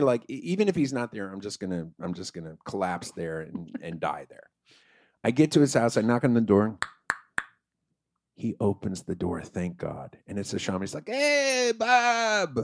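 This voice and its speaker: A man telling a comic story in a loose, profane, animated way, acting out the characters. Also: deep voice, moderate pace, creaky, no room sound, studio quality. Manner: profane, animated, acts out voices.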